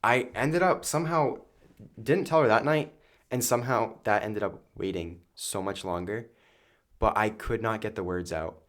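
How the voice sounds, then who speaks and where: A man's voice: fairly low pitch, moderate pace. A young man talking as a podcast guest in casual chat, earnest and rambling with many fillers.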